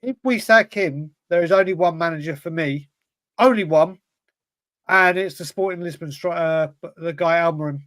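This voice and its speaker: A man's voice: on the high side, normal speed, fairly bright tone, no echo. A man co-hosting a football fan show, reading out viewer questions and chatting in an earnest, easygoing way. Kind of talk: casual football chat.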